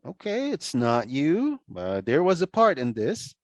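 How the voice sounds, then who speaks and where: A man giving an online lecture over a video call, talking in a conversational, animated way with many restarts and asides. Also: a little high, a little slow, no echo.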